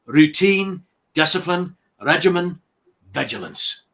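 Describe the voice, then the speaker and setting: A man doing a gruff Scottish Highland cow. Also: expressive, a bit bright, heavily acted. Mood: drill-like. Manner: brisk, military, full of himself.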